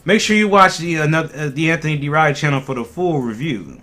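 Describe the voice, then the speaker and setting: A man's voice: a little high, fast. A man hosting a casual cannabis livestream, chatting animatedly with viewers and laughing often. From Ohio. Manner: animated, laughing, talks to chat.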